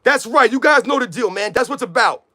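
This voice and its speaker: A man ranting loudly on a sports live stream, combative and repetitive, calling out chat viewers by name. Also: very high voice, animated, fast. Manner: loud, combative, repetitive rant.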